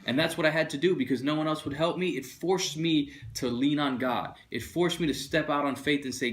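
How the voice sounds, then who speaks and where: A man's voice: a little high, fairly quick, few pauses. Pastor guy telling stories in his sermon, casual slang, acts out the characters. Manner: animated storyteller, acting out other people's voices. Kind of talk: funny sermon with acted bits.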